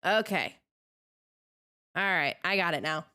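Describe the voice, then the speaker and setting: A woman's voice: on the low side, lively intonation, measured pace, pushed and bright, smooth. A woman streamer chatting casually on a live stream, ranting in an exasperated way and laughing often.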